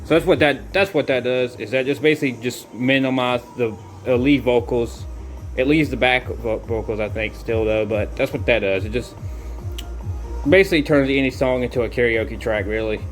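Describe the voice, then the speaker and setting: A man's voice: mid-range voice, normal speed, soft background music. A man giving a casual product review demo, talking loosely and correcting himself as he thinks aloud.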